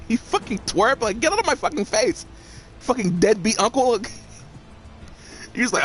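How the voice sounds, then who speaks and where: Over faint music, a male video creator with an extremely high-pitched voice talks at normal speed, pausing often. His casual rant about a story he watched is animated and profane, full of swearing, with laughter between his lines.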